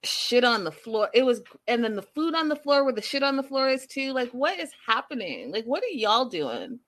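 A woman's voice: on the high side, big pitch swings, moderate pace, fairly bright tone. A woman giving an opinionated, sassy recap of a reality show, talking straight to her viewers. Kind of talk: casual reality TV recap commentary.

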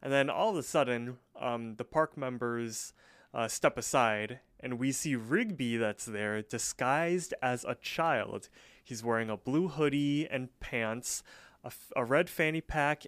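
A man co-hosting a podcast, casually recapping a cartoon episode with lots of fillers and quick voice impressions. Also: mid-range voice, a bit bright, smooth, no room sound. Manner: loose, filler-heavy retelling with quick voice impressions. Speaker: podcast co-host.

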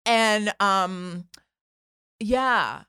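A woman's voice: mid-range voice, extremely slow, smooth, no echo, studio quality. A woman in her forties casually telling a funny personal story, full of fillers, acting out the voices of the people in it. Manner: animated, lots of "like", acts out voices. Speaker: podcast guest telling a story.

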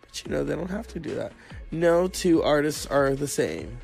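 A man's voice: on the high side, very animated, normal speed, vocal fry, a little mellow, soft background music. A man sick with a cough, ranting casually and sarcastically with lots of profanity as the host of a solo talk show. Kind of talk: casual rant.

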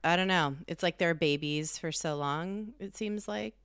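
A woman's voice: lowish voice, moderate pace, a bit bright, clear, resonant tone, dry recording, clean studio sound. A woman in her thirties, a parent, chatting casually and rambling with lots of fillers. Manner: rambling, filler-heavy storytelling. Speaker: parent of a young child. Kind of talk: casual chat.

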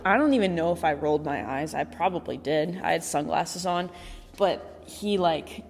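A woman's voice: lowish voice, a little slow, pauses often, long reverb tail. A young adult woman telling a personal story in a candid, chatty way, saying "like" a lot and swearing now and then. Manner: candid, chatty, heavy use of filler "like", swears. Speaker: vlogger. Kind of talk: casual storytelling.

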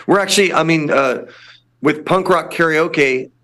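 A man's voice: a little high, unhurried, pushed and bright. An older man, a punk singer, chatting casually as a guest, rambling with many restarts. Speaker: lead singer of a punk band, podcast guest. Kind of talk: casual interview chat.

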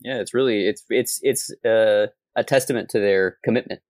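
A man's voice: fairly low pitch, normal speed, darkish tone, dry recording. A man hosting a podcast, telling a story in a casual, profane and sarcastic way. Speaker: podcast host.

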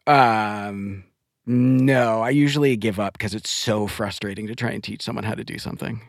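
A man's voice: fairly low pitch, steady tone, normal speed, creaky, dry recording, studio quality. A man co-hosting a podcast in casual chat, teasing his co-host in a playful way.

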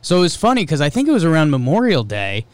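A man, co-hosting a podcast in relaxed, joking chat. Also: fairly high pitch, fast, no room sound. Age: 30s. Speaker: podcast co-host. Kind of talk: casual chat.

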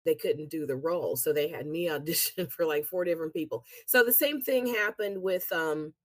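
Lowish-voiced woman chatting as a guest, tells stories animated, dry close sound. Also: normal speed, no echo. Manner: chatty, animated storytelling with laughs. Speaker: guest, singer and actress. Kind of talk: casual interview chat.

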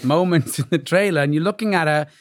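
A man's voice: a little high, fast. A man from Wales with a Welsh accent, a guest actor telling casual anecdotes and acting out bits of dialogue. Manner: animated anecdotes, acts out quoted exchanges. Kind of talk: casual conversational storytelling.

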